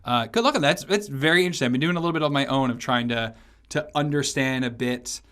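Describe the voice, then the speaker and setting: A man's voice: medium pitch, fast talker, fairly bright tone. A man hosting a business podcast, talking loosely with many fillers and restarts. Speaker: podcast host. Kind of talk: casual podcast interview.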